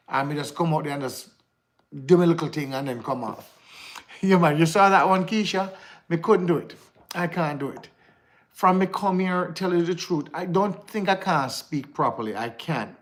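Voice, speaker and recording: A livestream host with a Jamaican accent talks fairly quickly in a voice on the high side. He chats loosely with viewers, rambling and sliding into patois.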